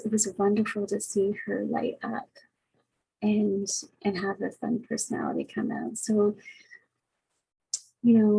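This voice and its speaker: A woman's voice: medium pitch, creaky, a little mellow, husky, low-quality recording. A middle-aged woman vlogging to her webcam as a caregiver, talking earnestly and reflectively with many fillers. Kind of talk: casual heartfelt talk to camera. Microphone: webcam, facing camera.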